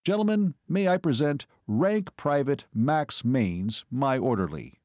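A man reading an audiobook, voicing a calm, even-tempered army captain who speaks mildly and courteously. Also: mid-range voice, measured pace, dry recording, studio quality, pitched above the performer's own voice, close to an everyday voice.

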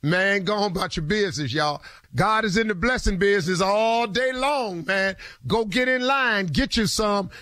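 Radio host, sixties, Southern drawl, preachy motivational talk, slightly high voice, dry studio sound. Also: male voice, normal speed, bright, forceful tone, no room sound. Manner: preachy, folksy, drawling delivery.

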